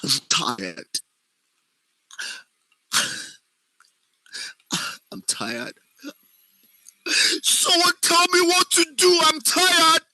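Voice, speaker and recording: A man's voice: very high-pitched, huge pitch swings, takes it slowly, pushed and bright, dry recording, voice pushed up, exaggerated voice, poor audio. A man voicing a desperate, exhausted man who weeps and pleads as his voice breaks. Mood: sobbing despair. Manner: sobbing, breaking voice.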